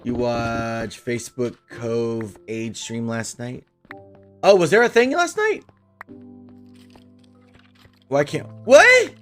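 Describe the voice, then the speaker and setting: A man's voice: mid-range voice, sing-song, takes it slowly, pauses often, a bit bright, soft background music. A man streaming a game, chatting earnestly with viewers about being a father, often restarting and repeating himself. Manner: earnest, open, with frequent restarts and repetitions. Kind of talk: casual chat with viewers during a game stream.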